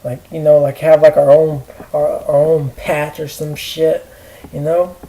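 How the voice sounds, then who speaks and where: A man ranting to camera in a rambling, profane way, halting with fillers and restarts. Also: a little high, little pitch movement, warm tone, poor audio. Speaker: vlogger. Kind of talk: rambling personal rant.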